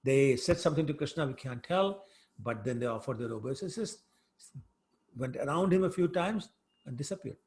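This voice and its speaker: A male scripture teacher who tells a sacred story in an animated, chatty way. His pitch moves around a lot, and he often pauses on fillers between phrases.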